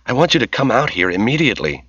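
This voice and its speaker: Deep-voiced guy doing a worried bossy woman, snappy and sarcastic, raised voice, kinda dull dry audio. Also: very animated, quick pace, fairly bright tone, breathy edge, dry recording. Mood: anxious scolding. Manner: irritable, anxious, snapping. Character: anxious, bossy adult woman on the line. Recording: slightly dull dry recording.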